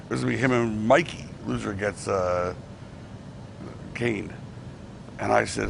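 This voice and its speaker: There's vocal fry and long pauses in this middle-aged man's lowish voice as he talks at a moderate pace. A former wrestling promoter, he spins rambling backstage anecdotes in a casual interview, restarting and acting out quotes, on a clip-on mic with slight hiss or hum.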